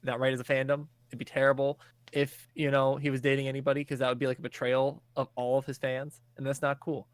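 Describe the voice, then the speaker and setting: A man's voice: mid-range voice, flat delivery, quick pace, clear, resonant tone, no room sound. Laid-back man recapping a show, dry sound. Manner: rambling, laughing, swears freely. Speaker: podcast co-host.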